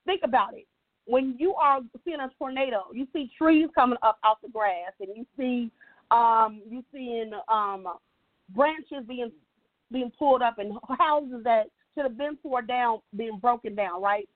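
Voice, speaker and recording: A woman's voice: a little high, unhurried, dry recording. A woman guest giving a faith-based motivational talk, emphatic, repeating key lines and checking in with "right?". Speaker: guest speaker. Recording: tinny phone-like line, dry.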